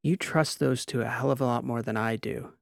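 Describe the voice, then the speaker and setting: A wry, jittery woman doctor in a sci-fi audiobook, as a male narrator puts her on, her voice lifted well above his own gravelly tone. She sounds dry and close, with no room around her. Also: extremely low pitch, steady tone, fairly quick, no room sound. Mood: wry, nervous. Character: nervous sardonic female doctor. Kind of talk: audiobook character voice.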